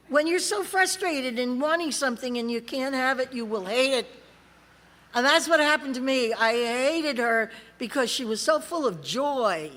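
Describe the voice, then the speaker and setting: A woman from California shares her recovery story with a convention audience in a large, reverberant hall. Her voice is high-pitched and a bit bright, and she's blunt and wry, acting out the voices of people she quotes.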